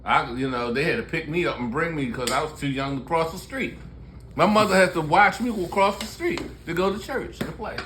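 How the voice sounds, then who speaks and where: This man in his sixties from Baltimore, USA, is a musician and show host who chats casually, joking candidly and laughing a lot. His voice is a little high, a bit bright, and a little fast, with slight background noise.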